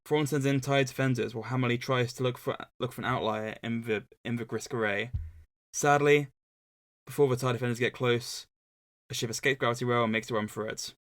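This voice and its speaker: A man's voice: mid-range voice, steady tone, a little fast, no room sound. A man co-hosting a casual book-club podcast, recapping a novel's plot with dry, joking asides. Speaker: podcast co-host.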